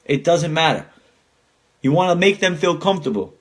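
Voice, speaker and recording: A man's voice: fairly high pitch, expressive, moderate pace. A young man hosting a podcast, ranting casually and swearing a lot as he gets worked up. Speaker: podcast host.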